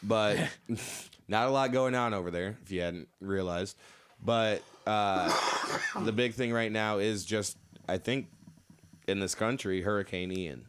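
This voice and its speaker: A man's voice: fairly low pitch, unhurried, fairly bright tone, slight background noise. A young man hosting a casual comedy podcast. He talks in a loose, joking way, swears, and uses lots of fillers. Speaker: podcast host.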